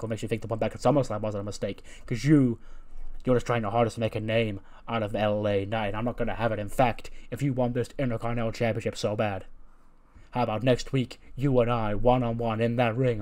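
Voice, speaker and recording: A man's voice: mid-range voice, a little mellow, close to an everyday voice. A man voicing a cocky, brash male wrestling star who boasts and picks a fight. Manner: boastful, confrontational.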